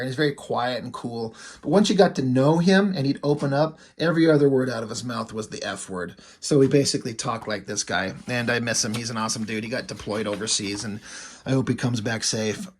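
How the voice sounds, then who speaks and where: A man chats casually through a comic book recap, cursing freely and often breaking into laughter. His voice sits at an ordinary male pitch. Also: darkish tone.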